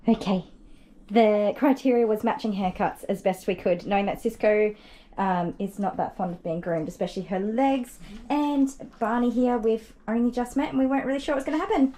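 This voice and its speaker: An Australian dog groomer chats on a live stream, cooing baby talk at the dogs in her small grooming shed. Her voice is medium-pitched, brisk, and dark in tone. Clippers buzz and dogs make noise around her.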